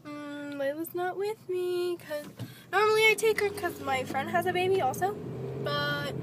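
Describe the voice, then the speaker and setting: A woman's voice: very high voice, moderate pace. A young woman chatting casually to her phone camera as a vlogger, bubbly and talkative. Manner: bubbly, chatty, switches into a put-on accent. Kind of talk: casual vlog chat. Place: car, then a friend's home indoors. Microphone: handheld phone at arm's length. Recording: noisy phone recording.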